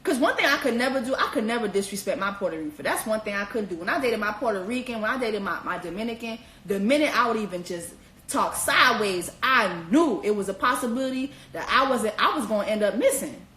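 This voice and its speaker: A woman giving a blunt, profane, animated comedic recap full of slang. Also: a little high, quick pace. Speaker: vlogger recapping a reality show. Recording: echoey room.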